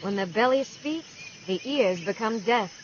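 A male narrator voicing a blunt, sharp-tongued woman. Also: high voice, animated, unhurried, lo-fi sound, a little hiss or hum, pitched above the performer's own voice. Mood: sardonic. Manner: blunt, sardonic.

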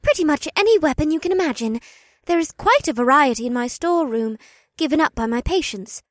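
A man voicing a shy, soft-spoken female animal doctor in a fantasy audiobook, talking timidly and politely. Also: very high-pitched, lively intonation, brisk, dry recording, studio quality, pitched above the performer's own voice. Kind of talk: audiobook character voice.

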